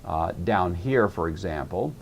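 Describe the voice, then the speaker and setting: A man's voice: low voice, expressive, unhurried, a little hiss or hum. A man teaching a classroom lecture on Greek grammar, explaining rules patiently and methodically with frequent hesitations.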